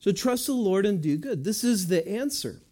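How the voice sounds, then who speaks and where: A man's voice: high-pitched, animated, moderate pace, warm tone. A man preaching a conversational sermon as a pastor, asking the congregation questions and answering in little voiced asides.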